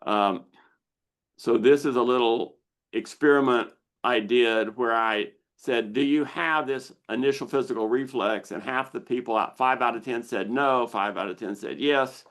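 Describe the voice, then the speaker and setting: A man hosting a live online Q&A, explaining slowly and deliberately with pauses as he shares slides. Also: medium pitch, a bit bright. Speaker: misophonia researcher hosting a Q&A.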